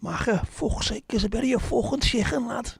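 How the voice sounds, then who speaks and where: A man putting on a brash Scouse accent as a rowdy bar lad, shouty and swearing. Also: very high voice, moderate pace, vocal fry, slightly rough, dry recording, voice pushed up, full character voice.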